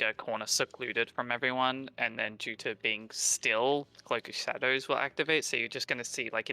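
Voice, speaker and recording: A man's voice: mid-range voice, sharp tone. A man playing a tabletop game, describing his character's actions in a rambling, filler-heavy way.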